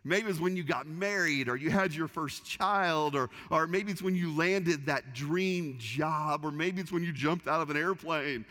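A middle-aged man preaching a sermon as pastor, telling a story in a lively way with repeated restarts. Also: a little high, measured pace, few pauses. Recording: long reverb of a large hall.

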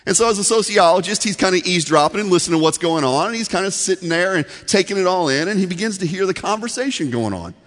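A man's voice: high-pitched, expressive, fast talker, few pauses, a bit bright. A man preaching a sermon as pastor, telling a story in an earnest, conversational way. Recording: long reverb of a large hall.

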